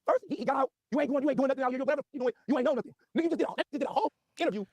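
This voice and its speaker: A man rants in a very high, strained register and fires his words off at a blistering pace, piling up slang and repeats. The sound is dry and close, with almost no room in it. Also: a little mellow, no echo. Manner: rapid, slangy, repetitive. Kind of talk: casual rant.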